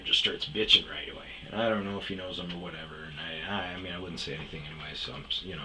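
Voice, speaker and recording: A man's voice: sits low, steady tone, very fast, few pauses, noisy background. A man telling a story casually, rambling and swearing freely as he goes. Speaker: storyteller host.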